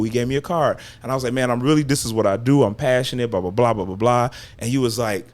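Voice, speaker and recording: A man hosting a live stream who tells a story in a casual, animated way and acts out the quoted lines. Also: mid-range voice, fast talker, hardly any pauses. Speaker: host. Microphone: video call.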